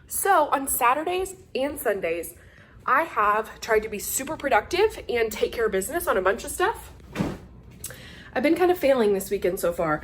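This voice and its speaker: A woman's voice: on the high side, moderate pace, slight background noise. Chatty young woman vlogging at home. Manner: chatty and excitable, with laughs and whispered asides. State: stuffy with a sinus infection. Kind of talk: casual vlog chat to camera. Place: at home, in a house. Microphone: handheld camera filming herself.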